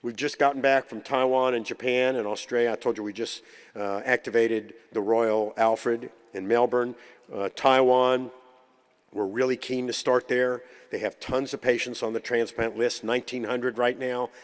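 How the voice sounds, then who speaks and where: A man's voice: medium pitch, little pitch movement, moderate pace. A man giving a conference keynote, with humorous, anecdotal storytelling. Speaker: keynote speaker. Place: conference hall. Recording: long hall reverb.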